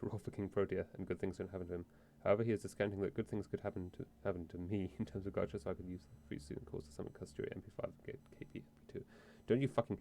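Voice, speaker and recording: A man's voice: on the low side, a little mellow, slight background noise. A man streaming a game, chatting casually in a rambling, profane, self-interrupting way. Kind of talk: casual let's-play chat.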